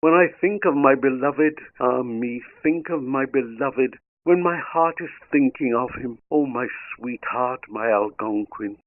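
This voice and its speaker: A tender, sorrowful young maiden mourning her faraway sweetheart, as a male reader voices her lament. The delivery is hushed and pensive, heard through a thin, phone-like band. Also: mid-range voice, a little slow, few pauses, close to an everyday voice. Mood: tender, mournful. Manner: soft, tender and sad. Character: young woman lamenting her departed lover. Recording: narrow phone-like lo-fi sound.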